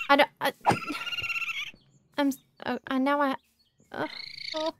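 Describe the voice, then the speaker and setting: A woman's voice: high voice, little pitch movement, a little slow, pauses often, very noisy. A woman hosting a game playthrough in casual commentary, chatty and exclaiming as she talks to the creatures on screen. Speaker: let's play host.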